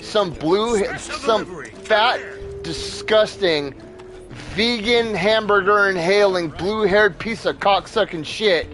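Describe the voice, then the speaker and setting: A man's voice: high voice, slow, over music. A young man and father hosting a gaming video, ranting in a heated, profane, blunt way. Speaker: gaming channel host. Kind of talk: ranting commentary over gameplay.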